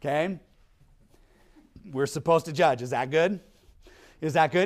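A man's voice: fairly high pitch, measured pace, long pauses. A male pastor preaching a sermon in a blunt, emphatic way, often checking in with "okay?".

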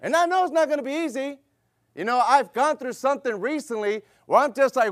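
A middle-aged male pastor with a strikingly high voice delivers a sermon in a fervent, repetitive cadence, piling up rhetorical questions. The sound is dry and close, with no room around it. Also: brisk, dry recording. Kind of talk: sermon with personal story.

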